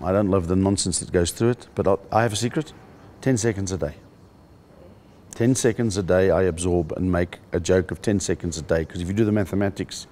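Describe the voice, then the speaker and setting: Middle-aged South African male comic, interview; fairly low voice, lively storyteller who slips into impressions. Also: a little hiss or hum. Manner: animated storyteller who acts out other people's voices. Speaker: comedian interviewee. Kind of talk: casual interview chat.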